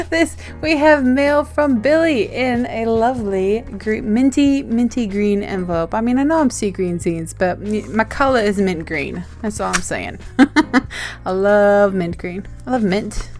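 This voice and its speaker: A woman's voice: mid-range voice, a little slow, darkish tone, soft background music. An Australian woman opening fan mail on her vlog in a bubbly, gushing, giggly and rambling way. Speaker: zine-maker vlogger.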